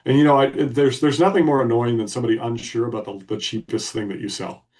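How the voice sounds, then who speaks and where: A man's voice: medium pitch, steady tone, fast, darkish tone, recorded from a distance. A man co-hosting a podcast, telling a story in a blunt, emphatic way. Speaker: podcast co-host. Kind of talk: casual storytelling.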